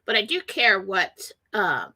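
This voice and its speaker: Middle-aged woman host, bright clear voice, earnest and meandering, reassuring self-help talk. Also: medium pitch, big pitch swings, measured pace. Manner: earnest, rambling, quotes panicked voices. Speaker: radio show host.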